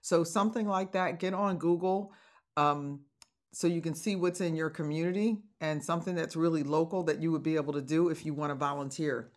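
Lower-voiced woman giving friendly advice. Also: steady tone, brisk. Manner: warm encouraging, playful, laughs often. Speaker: podcast host, divorce coach. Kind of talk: advice talk to listeners.

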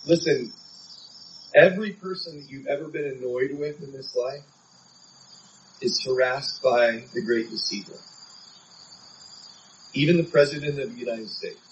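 A man's voice: medium pitch, a little slow, pauses often, distant mic, slight background noise, poor audio. A man preaching a sermon in an earnest, conversational way, from San Diego.

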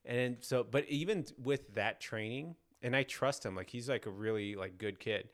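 A man in his thirties, a father and podcast co-host, telling a story in a relaxed casual chat and laughing easily. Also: medium pitch, moderate pace.

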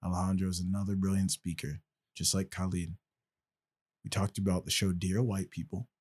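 A man's voice: low-pitched, little pitch movement, normal speed, darkish tone, slightly rough. A man hosting a podcast in casual chat, loose, joking and rambling. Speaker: podcast host.

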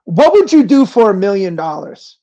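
A comedian co-hosts a sports podcast, hammering his points home with emphasis and plenty of profanity. His voice sits notably high for a man. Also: big pitch swings, normal speed, creaky, warm tone, dull audio. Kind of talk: casual sports chat.

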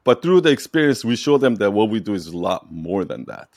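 A low-pitched man, a brand strategy coach, leads a casual coaching session with a client, speaking a little fast in a relaxed but emphatic way. He repeats his points, keeps asking "right?", and laughs now and then. The recording sounds dry and close.

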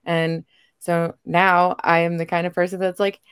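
A woman's voice: fairly low pitch, level tone, measured pace, clean tone, dry recording, studio quality. A woman guest in an interview chat, openly telling personal stories. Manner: open, personal storytelling.

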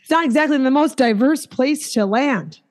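Chatty woman host, slightly high voice. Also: animated, moderate pace, darkish tone. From Minnesota. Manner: chatty, empathetic, many fillers like "like". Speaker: podcast host. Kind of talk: casual interview chat.

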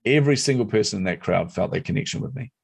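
A middle-aged man telling a personal story as an interview guest, animated and competitive. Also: lowish voice, fast talker, vocal fry, breathy edge. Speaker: guest, speaker and entrepreneur.

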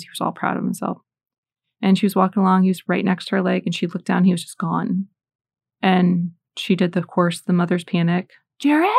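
Woman in her forties for a faith talk: earnest storytelling with scripture readings, lowish voice, dry and close. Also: gravelly, a little mellow, no echo. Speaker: Catholic speaker. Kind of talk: faith talk with personal stories.

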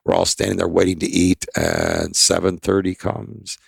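A man's voice: low voice, wildly swooping pitch, normal speed, creaky, husky, no room sound. An older man, a podcast guest, telling rambling, emphatic anecdotes in a casual interview. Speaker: expert guest.

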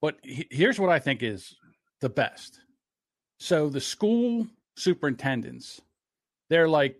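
A man rants on a podcast, cursing easily and acting out voices as he talks. His voice sits a bit high and swoops around a lot. The sound is dry and close. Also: slow pace, pauses often, no echo. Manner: profane, animated ranting. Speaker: podcast co-host. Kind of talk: casual political podcast chat.

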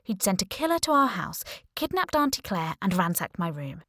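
A woman's voice: mid-range voice, very animated, normal speed, fairly bright tone, no room sound, clean studio sound. A woman narrating a first-person audiobook in a wry, sardonic way.

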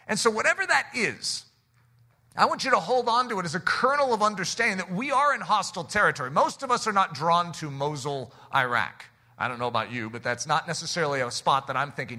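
A man from the United States preaching a sermon, lively and animated, dropping low and quiet at times. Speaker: pastor.

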